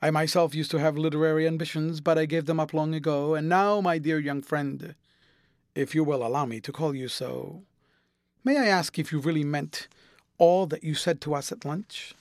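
A man voicing a courteous elderly gentleman with dry wit and formal, measured period speech. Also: on the high side, no room sound, lightly acted.

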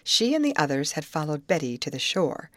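A woman narrates a storybook chapter in a lowish voice that moves up and down with plenty of expression. The recording is close and dry, with no room sound. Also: big pitch swings, fairly quick, no echo. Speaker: audiobook reader. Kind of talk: scripted narration.

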